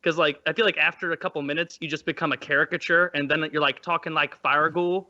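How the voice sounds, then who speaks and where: A man's voice: on the high side, steady tone, fast talker, bright, forceful tone, no echo, highs cut off. A man hosting a podcast who jokes and riffs on bits during a casual chat. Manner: joking, riffing on bits. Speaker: podcast host.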